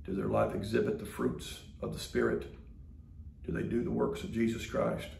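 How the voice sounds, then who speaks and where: A pastor delivers a sermon in a folksy, conversational way. His voice is deeply gravelly and fry-laden, and it rings around an echoey sanctuary over faint ambience. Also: very animated, moderate pace, darkish tone, a little hiss or hum. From Mississippi, US.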